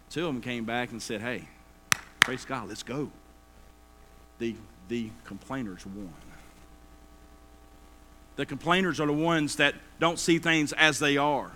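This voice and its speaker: A man's voice: mid-range voice, sharp tone, slight background noise. A man preaching a sermon, folksy and acting out everyday complainers. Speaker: pastor.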